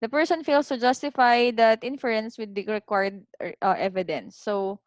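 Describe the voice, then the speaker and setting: A woman's voice: on the high side, normal speed, no room sound. A woman with a Filipino accent teaching an online philosophy class, switching between English and Tagalog in a chatty way and often checking in with "okay?".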